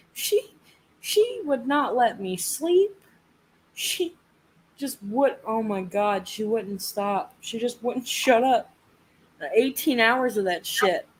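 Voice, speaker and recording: A woman's voice: a little high, a little hiss or hum, rough recording. Laughing, foul-mouthed young woman. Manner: swears a lot, laughs often. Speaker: live chat host. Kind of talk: casual storytelling chat.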